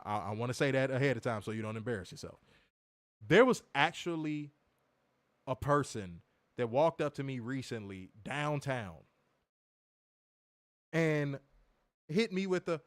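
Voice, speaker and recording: A man's voice: mid-range voice, no echo. A man hosting a wrestling review show, talking in casual, profane banter and telling stories with mocking impressions. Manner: animated, mocking, lively storytelling with impressions.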